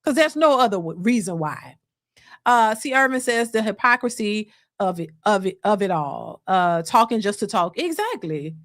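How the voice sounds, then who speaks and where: A woman's voice: medium pitch, normal speed, dry recording, clean studio sound. A woman, talking casually and emphatically as host of a livestream. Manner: animated, emphatic, restarts often. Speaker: host of a reaction channel.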